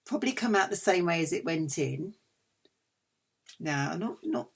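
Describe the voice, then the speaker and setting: A woman's voice: lowish voice, animated, unhurried, gravelly, husky. A middle-aged woman chatting casually through a food haul, cheeky and self-mocking. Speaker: vlogger.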